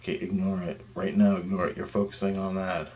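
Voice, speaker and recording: A meditation teacher with a low voice leads a guided meditation at a brisk pace against a noisy background. He's profane and insistent, repeatedly asking "okay?", and gets louder and more animated as he goes on.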